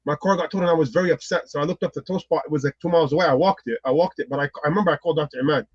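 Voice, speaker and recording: A man with a slightly high, husky voice rattles through a personal story at speed and acts out everyone in it. The sound is dry and a little muffled. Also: rapid-fire, no echo. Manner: lively, acts out the people in his story. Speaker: guest.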